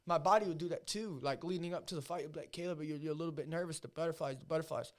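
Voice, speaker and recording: A man's voice: a little high, rapid-fire. A man, a fighter guest on a podcast, telling emotional stories in casual, heavily profane chat.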